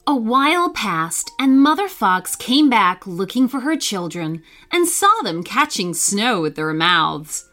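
A woman narrating a bedtime story for children, reading slowly and expressively. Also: medium pitch, sing-song, bright, forceful tone.

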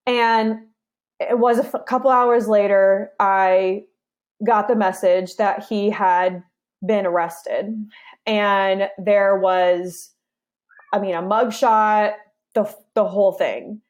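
Earnest woman telling her story. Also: medium pitch. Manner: earnest, conversational, frequent "like" and restarts. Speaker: interview guest. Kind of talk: personal storytelling in casual interview.

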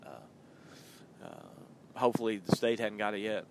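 Low, gravelly man hosting a casual podcast from behind the wheel, loose and filler-heavy. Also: very animated, a little slow, heavy background noise. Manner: loose and chatty, many ums and uhs. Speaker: podcast host. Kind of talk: casual rambling monologue. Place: in a car while driving.

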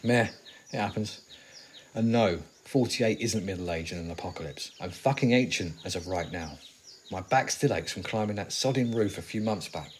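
A man's voice: deep voice, moderate pace, slight background noise, lightly acted. A man in his forties acting a weary, sardonic survivor of a zombie apocalypse in an audio drama, talking in dry, rambling asides. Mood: wry. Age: 40s.

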